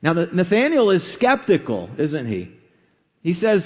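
A man preaching a sermon, conversational and unhurried, with fillers and restarts. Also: a little high, expressive, in a large hall.

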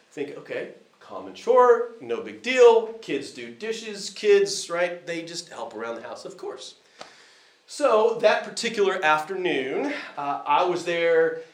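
A man preaching a conversational sermon from the United States, telling a family story with frequent fillers and restarts. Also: fairly high pitch. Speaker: visiting preacher. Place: church hall. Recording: echoey church hall.

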